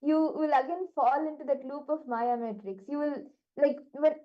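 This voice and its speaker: A woman's voice: high-pitched, moderate pace. A woman giving a spiritual lesson, explaining with everyday examples and many "like" fillers. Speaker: spiritual teacher. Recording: dull lo-fi recording.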